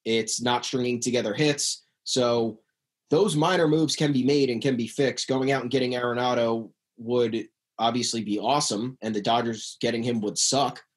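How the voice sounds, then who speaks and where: A man's voice: medium pitch, fairly even intonation, moderate pace. Easygoing male podcast co-host. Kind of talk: casual sports chat.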